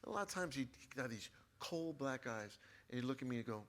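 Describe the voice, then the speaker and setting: A man's voice: mid-range voice, lively intonation, fairly quick, fairly bright tone, a little hiss or hum. A man, a book author as a guest, telling an emotional personal story in an earnest way and repeating his phrases.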